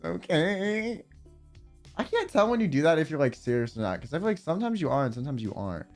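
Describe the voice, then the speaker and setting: A man's voice: a little high, big pitch swings, quick pace, a little mellow, faint music behind. A man streaming and chatting casually, rambling with lots of fillers and swearing. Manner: rambling, profane, trails off with fillers. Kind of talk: casual livestream chat.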